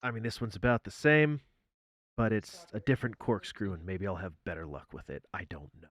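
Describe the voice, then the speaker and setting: A man streaming live, chatting casually in an animated way, swearing freely and exclaiming loudly. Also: on the low side, a little fast, no echo.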